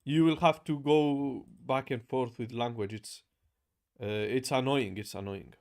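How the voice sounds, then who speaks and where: A man's voice: medium pitch, fairly even intonation, unhurried, creaky, a little mellow. Chatty man repeating words aloud. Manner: thinks aloud, repeats words, says "bro" often. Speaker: language learner vlogger. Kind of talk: casual study vlog.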